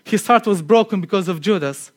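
A man with a high voice gives a conversational sermon to a congregation. He is earnest but chatty, laughs easily at himself, and sinks into a quiet, low tone when he wants a point to land. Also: a little fast. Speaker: preacher.

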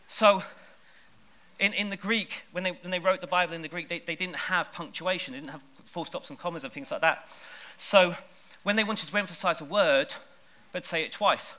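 A man preaching a sermon in church, lively and conversational, pushing hard on key words. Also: sits high, moderate pace. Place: church service.

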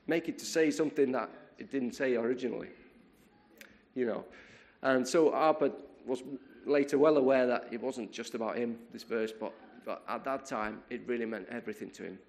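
Gravelly-voiced preacher telling a story. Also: male voice, medium pitch, normal speed. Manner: lively retelling of a story, acting out the quotes; frequent repeated words and restarts. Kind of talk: sermon storytelling.

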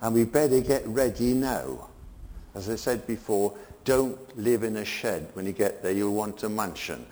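An older man preaching a sermon, swinging between emphatic peaks and quiet asides. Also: lowish voice, normal speed, big-room sound.

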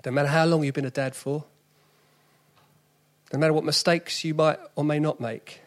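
A man's voice: a little high, fairly even intonation, normal speed. A man in his forties with a South East London accent, preaching an earnest, conversational sermon with sudden emphatic rises.

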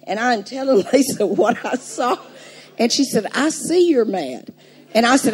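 An older woman preaching a sermon, telling a story with animated emphasis and laughing now and then. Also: a little high, a little slow.

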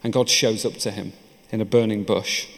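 A man's voice: lowish voice, fairly even intonation, normal speed. Earnest male preacher in echoey church. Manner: earnest, personal storytelling. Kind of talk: sermon.

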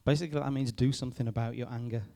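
A man leads a youth group as their pastor, with a smooth, resonant voice. He talks to the room and keeps checking in with a quick "okay?" He speaks at a middle pitch. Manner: lively, addresses the group with frequent "okay?" checks. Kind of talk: youth talk. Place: room with a live youth audience.

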